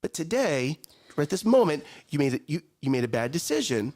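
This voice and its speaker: A lively man in his thirties talks like a coach on a casual morning show. His pitch rises and falls a lot, and he doubles back on his words as he makes his point. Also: brisk. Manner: animated, repeats words, coaching tone. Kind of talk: casual chat.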